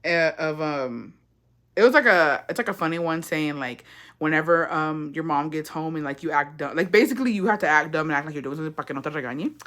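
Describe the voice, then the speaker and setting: A young Texan woman with a deep, fairly bright voice talks fast as she tells a story on her indoor livestream. Her casual storytime chat is blunt and full of swearing, with Spanish phrases mixed in.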